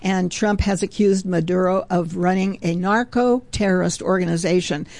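Warm, fervent woman radio ministry host. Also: lowish voice, steady tone, normal speed, no echo. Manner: earnest, fervent, with frequent praise exclamations; chatty and conversational, with fillers and restarts. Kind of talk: devotional radio talk.

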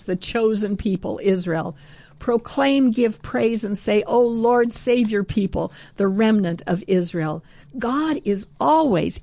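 A woman giving a devotional Bible teaching, reading scripture aloud in an earnest way that grows excited. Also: medium pitch, creaky, no room sound.

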